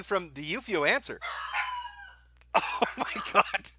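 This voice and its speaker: Male stream host, dry mock-praise sarcasm, swears, lively sing-song delivery, slightly high voice. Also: slow pace, background noise. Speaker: livestream host. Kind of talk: sarcastic live-stream commentary. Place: home, dogs barking nearby.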